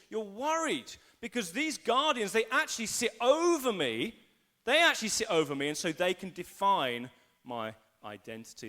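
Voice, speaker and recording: Male pastor, live sermon, animated delivery with voiced inner thoughts, bright high register. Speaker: senior pastor. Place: school hall used for a church service.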